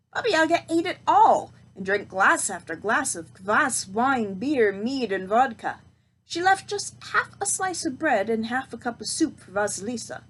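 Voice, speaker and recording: Higher-voiced woman reading a storybook. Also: breathy edge, poor audio. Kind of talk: storybook read-aloud.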